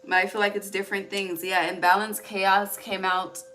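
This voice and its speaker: A woman's voice: medium pitch, little pitch movement, normal speed, bright, forceful tone, faint music behind. A woman giving a casual, rambling tarot reading, laughing often and trailing off mid-sentence. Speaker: tarot reader.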